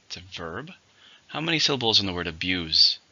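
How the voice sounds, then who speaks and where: A male English teacher runs through a vocabulary list in a bright, edgy, lower-pitched voice. He slows down to stress each syllable as he models the words. The recording sounds dull and lo-fi. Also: big pitch swings, dry recording. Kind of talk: vocabulary lesson.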